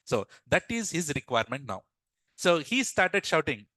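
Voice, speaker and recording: A man's voice: fairly high pitch, big pitch swings, normal speed, bright, forceful tone, no room sound, poor audio. A man teaching a class through a story, often repeating questions and asking the class "yes or no". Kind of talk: classroom lesson told as a story.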